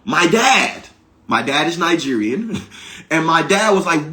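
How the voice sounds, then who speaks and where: A man giving an emphatic, preachy spiritual talk as a teacher, repeating phrases for effect and swinging between loud exclamations and quiet asides. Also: a little high, big pitch swings, takes it slowly. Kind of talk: motivational spiritual monologue.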